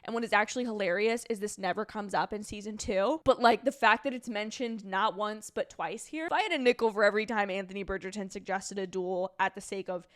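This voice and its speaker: A woman casually recapping a TV episode in a chatty, animated way, full of "like" and pet names. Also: medium pitch, fairly quick, hardly any pauses. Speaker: recap vlogger.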